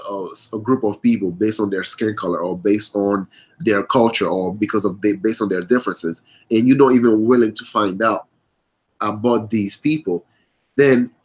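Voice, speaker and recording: A man hosts a casual podcast. He talks in a loose, rambling way and often restarts his sentences. His voice sits at an ordinary middle pitch. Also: fairly bright tone, husky. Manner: rambling, with restarts and frequent laughs. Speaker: podcast host.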